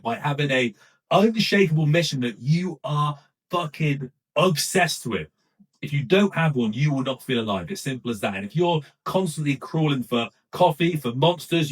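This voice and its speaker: Blunt swearing motivational coach. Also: male voice, a little high, breathy edge, far from the mic, low-quality recording. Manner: blunt, forceful, heavy swearing. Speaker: men's coach. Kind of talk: motivational monologue to camera.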